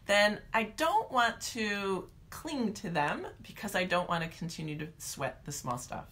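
A woman talking through a self-help method in a chatty, animated vlog. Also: fairly low pitch, moderate pace, hardly any pauses.

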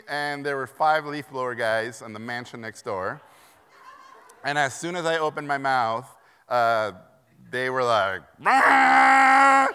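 A man's voice: on the high side, clear, resonant tone. A middle-aged man from Mexico giving a self-deprecating conference keynote, telling stories and acting out the voices of people in them. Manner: animated, self-deprecating, acts out quoted voices. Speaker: keynote speaker. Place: conference hall. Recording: long reverb of a large hall.

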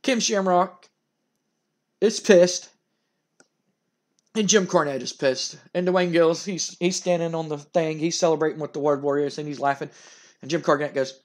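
A young man with a drawl talks through his game save. He rambles casually with plenty of fillers. His voice sits fairly high for a man. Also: moderate pace, long pauses. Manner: loose, rambling, recapping with fillers. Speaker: gaming narrator. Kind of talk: casual let's-play narration.

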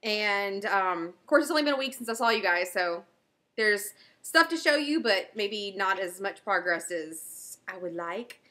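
Her voice is medium in pitch, expressive and bright, with a forceful tone and a slightly slow delivery. This Southern woman hosts a knitting video podcast, showing off her projects in a casual, enthusiastic chat peppered with fillers.

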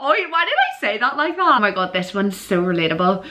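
A young woman chatting casually in a vlog, giggly and animated, breaking into squeals and disgusted groans. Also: mid-range voice, fairly quick. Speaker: vlogger.

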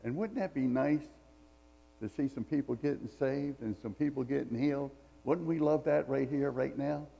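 A man's voice: medium pitch, normal speed, vocal fry, big-room sound, muffled recording. A man preaching a sermon in a church, reading scripture and telling folksy stories with jokes. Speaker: pastor. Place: church sanctuary.

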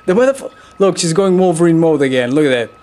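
A man with a slightly high voice riffs over a video clip in loose, foul-mouthed commentary. He gets excitable, chuckles to himself and keeps urging the viewer to look at what's on screen. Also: quick pace. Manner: excitable, swearing constantly, chuckling, repeats "look at that".

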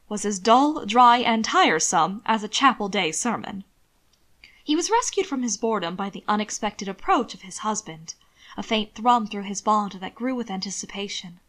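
A woman reading a fan fiction story aloud as narrator, in a calm, measured way. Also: a little high. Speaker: audiobook reader.

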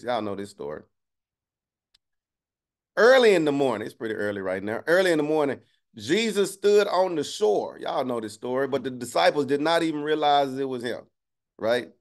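A man's voice: medium pitch, expressive, fairly quick. A man preaching a casual livestreamed sermon, conversational and slangy, with joking asides and a constant "right?" to his listeners. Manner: conversational, keeps asking "right?".

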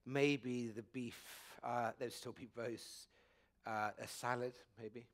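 An English food critic in his forties chatting onstage at a festival, wry and quick, with frequent laughs and restarts. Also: mid-range voice, little pitch movement. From England. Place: festival stage before an audience.

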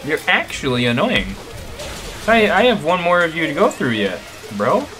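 A young man giving casual, slangy gameplay commentary, excitable and swearing often. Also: on the high side, moderate pace, soft background music. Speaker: let's play host.

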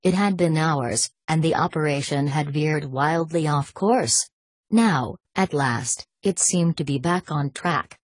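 A woman reads a novel aloud in a steady, even audiobook style. Her voice is low and husky. The recording is close and dry with no room sound. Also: slow, no echo. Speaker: audiobook narrator. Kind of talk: scripted audiobook narration.

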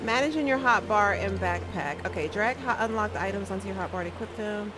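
In a rough recording with music behind her, this woman speaks fairly quickly at a medium pitch with lively intonation. She's a gaming streamer offering relaxed commentary, talking to chat and laughing a lot.

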